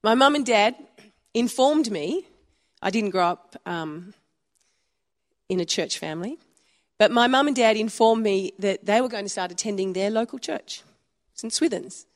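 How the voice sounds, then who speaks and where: A woman's voice: medium pitch, expressive, moderate pace, pauses often. A woman in her fifties with an Australian accent, preaching a sermon in a chatty storytelling way with frequent chuckles. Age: 50s. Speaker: pastor. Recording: long hall reverb.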